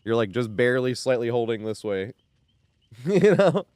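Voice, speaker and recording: A man's voice: mid-range voice, very animated, measured pace, darkish tone, clean tone, no echo. A man giving casual live commentary as a game streamer, chatty, laughing often and making sarcastic asides.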